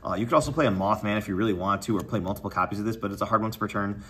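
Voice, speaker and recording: A young man giving a casual deck breakdown, talking quickly with lots of fillers and going a little out of breath. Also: fairly low pitch, breathy edge. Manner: quick, filler-heavy, trails off quietly. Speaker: deck profile presenter. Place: card tournament venue.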